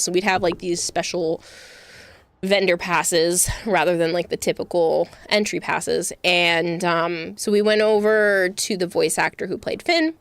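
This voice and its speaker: A young woman hosting a livestream, telling stories in a casual, animated way with frequent laughs and quick asides. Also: fairly low pitch, gravelly, no echo. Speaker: livestream host. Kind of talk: casual storytelling chat.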